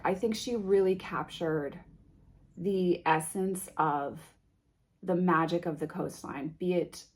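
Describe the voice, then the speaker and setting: A woman vlogging an unboxing of a card deck, reading card names softly and gushing with emotion. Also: on the low side. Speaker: tarot vlogger. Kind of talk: casual unboxing vlog.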